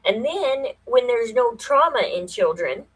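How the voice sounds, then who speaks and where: Husky woman rambling on a livestream. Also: a little high, expressive, poor audio. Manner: rambling, thinks aloud with many fillers; conspiratorial, builds to quick emphatic bursts. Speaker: livestream host. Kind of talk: casual livestream monologue.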